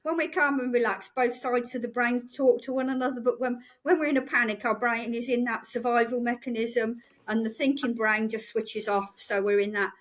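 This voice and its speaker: Older female therapist guest, earnest and halting, slightly high voice. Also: steady tone. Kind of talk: casual podcast conversation.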